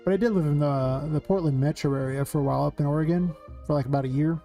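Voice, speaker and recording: Fast-talking Californian man, casual. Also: on the high side, dark tone, soft background music. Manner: fast, rambling talker. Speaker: game developer streamer. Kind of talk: casual streaming chat.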